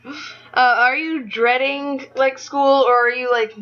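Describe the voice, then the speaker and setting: A woman's voice: high-pitched, steady tone, slow pace, fairly bright tone. A young woman interviewing an actor, asking hesitant questions full of fillers. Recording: dull lo-fi recording.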